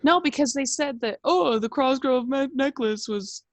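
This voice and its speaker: A woman's voice: high-pitched, moderate pace, no echo. A woman co-hosting a podcast in casual chat, chiming in with short corrections. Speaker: podcast co-host.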